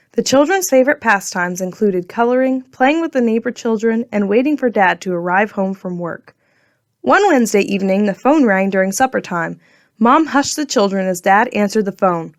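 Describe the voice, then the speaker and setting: A woman narrating a children's storybook in a clear, gentle storytelling manner. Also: mid-range voice, lively intonation, moderate pace, no echo, clean studio sound. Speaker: audiobook narrator.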